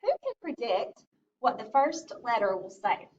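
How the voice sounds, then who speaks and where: Slow, lively-voiced woman teaching phonics. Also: on the high side, slight background noise. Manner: slow, clear, encouraging teacher talk. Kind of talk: phonics lesson for young children. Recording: distant lo-fi recording.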